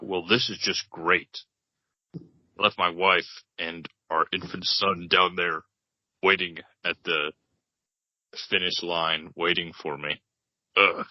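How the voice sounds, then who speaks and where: A deep, weary father stuck on a stalled ride sighs out his complaints slowly, as a man puts him on. The voice sits low and drags. The recording is dull and dry, like a close home podcast mic. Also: fairly even intonation, no room sound. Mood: fed up. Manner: slow, sighing, put-upon.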